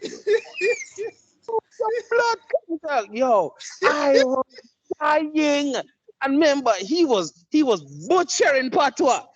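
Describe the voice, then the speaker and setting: A Jamaican man in a casual group chat, telling stories with animated delivery and slipping into patois. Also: very high-pitched, takes it slowly, slight background noise. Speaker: podcast co-host. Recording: dull lo-fi audio.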